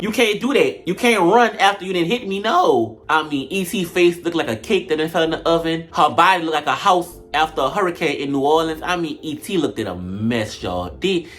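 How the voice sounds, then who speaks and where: A woman offers casual reaction commentary on a reality show, full of blunt, slangy, animated trash talk. She swings between loud outbursts and low mutters.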